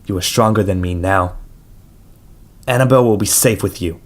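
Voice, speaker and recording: A man's voice: lowish voice, normal speed, close to an everyday voice. A man voicing a hurt, frightened teenage girl who speaks in a pleading, breathless way.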